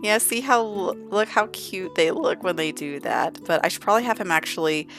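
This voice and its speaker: A woman's voice: mid-range voice, normal speed. A young woman hosting a gaming channel, gushing with enthusiasm as she narrates a life-sim game. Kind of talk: casual game commentary. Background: faint background music.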